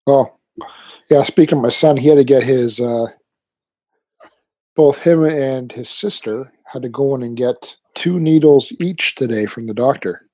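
Man, thirties, mellow husky voice, dry close sound, animated casual storytelling. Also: medium pitch, measured pace, no echo. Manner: animated storyteller, acting out his kids' lines. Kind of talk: casual chat.

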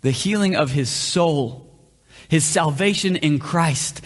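A man's voice: a little high, slow pace. A male pastor preaching a conversational sermon, often asking the room questions. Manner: conversational, asks the room questions, varies pace. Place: church hall. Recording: long reverb of a hall.

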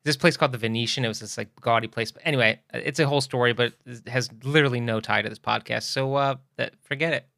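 Tired male podcast co-host, lively bright delivery, teasing, dry sound. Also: mid-range voice, quick pace, gravelly, few pauses, no room sound. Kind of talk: casual podcast chat.

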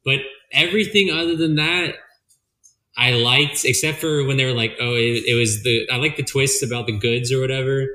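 A man talks through a movie in a loose, rambling, profane way. His voice is very bright and forward. The room around him rings with echo. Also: mid-range voice, moderate pace. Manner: rambling, profane, animated storytelling. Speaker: podcast co-host. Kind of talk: casual movie review chat.

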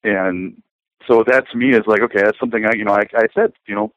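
A man's voice: lowish voice, quick pace, no echo. A middle-aged man talking casually, rambling and hesitant, with many fillers and restarts. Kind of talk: casual conversation. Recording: dull lo-fi sound.

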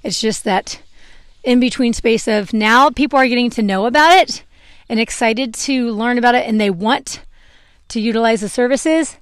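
A woman's voice: a little high, moderate pace, no echo, clean studio sound. Chatty woman grooming her horse. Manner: chatty, rambling, laughs at her own slips. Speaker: horse owner and vlogger. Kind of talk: casual chat while grooming. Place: outdoors with a horse. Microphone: clip-on microphone.

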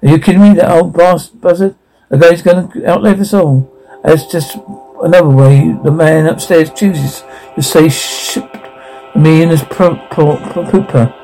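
Crude boastful demon hunter, middle-aged, mellow voice with soft music behind. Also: male voice, a little high, steady tone, a little slow, rough recording. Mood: scornful. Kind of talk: TV series acting.

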